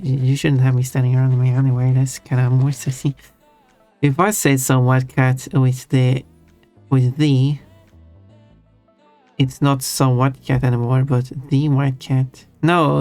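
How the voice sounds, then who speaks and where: A man's voice: mid-range voice, dry recording. A man chats casually on a live stream and answers his viewers. He rambles and often restarts his words. His voice sounds close and dry, with faint chill music playing under it. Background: soft chill music.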